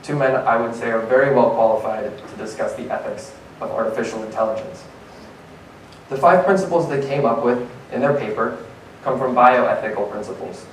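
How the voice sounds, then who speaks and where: A young man giving a prepared conference talk, earnest and a bit halting, with fillers between points. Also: medium pitch. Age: young adult. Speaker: conference speaker. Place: conference hall. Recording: roomy, distant mic, faint noise.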